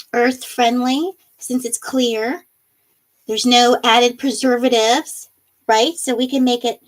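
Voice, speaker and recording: A woman's voice: a little high, poor audio. A woman hosting a casual livestream, reading viewer comments aloud and laughing often between them. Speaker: livestream host. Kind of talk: casual live-stream chat reading comments.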